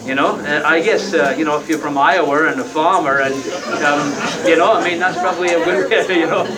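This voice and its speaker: A man's voice: a little high, moderate pace, distant mic, a loud crowd, rough recording. A man preaching a sermon in a conversational, folksy way, often tagging his points with rhetorical questions.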